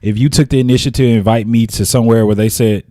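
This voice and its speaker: A man's voice: mid-range voice, steady tone, fast, mellow, no echo, studio quality. A man co-hosting a podcast, joking and exaggerating playfully in casual chat. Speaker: podcast co-host.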